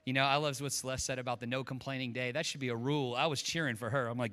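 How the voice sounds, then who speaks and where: A man's voice: medium pitch, steady tone, fast talker, sharp tone, smooth. A middle-aged male pastor preaching a casual, joking sermon with chatty asides to his church. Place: church sanctuary. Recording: long hall reverb.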